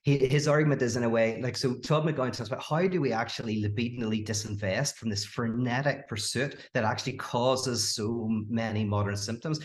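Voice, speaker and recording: A man talking in a casual podcast conversation as a philosopher guest, animated, often laughing and restarting his sentences. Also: medium pitch, a little fast, hardly any pauses.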